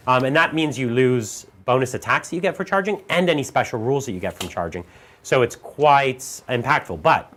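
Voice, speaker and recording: Guy explaining a wargame on stream, mid-pitched, lots of swing in his voice. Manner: animated, walks viewers through rules. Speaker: player and commentator. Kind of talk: casual explanatory chat.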